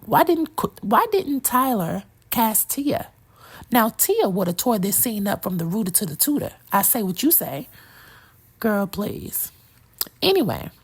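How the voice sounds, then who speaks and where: Speaking in a husky voice of medium pitch, a woman delivers a chatty film review full of sass and strong opinions. She addresses her audience directly, using "girl" and "child" as she goes.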